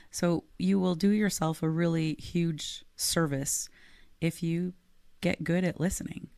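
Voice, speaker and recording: A woman's voice: sits low, a little mellow, no echo. A woman podcast co-host and leadership coach, talking casually and earnestly and laughing easily.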